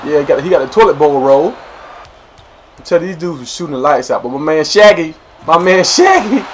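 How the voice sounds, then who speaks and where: A man's voice: fairly high pitch, fairly quick, slight background noise. A young man giving casual, slangy, playful commentary over his own gameplay, hyping up the plays. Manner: animated, slangy, playful hype.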